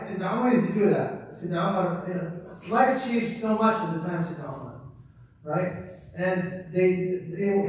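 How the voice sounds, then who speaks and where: A man's voice: high voice, darkish tone, slight background noise. A man teaching a religious class, repeating points and often checking with "right?". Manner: repetitive, keeps asking "right?". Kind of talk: classroom lecture. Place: mosque hall. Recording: echoey room, distant mic.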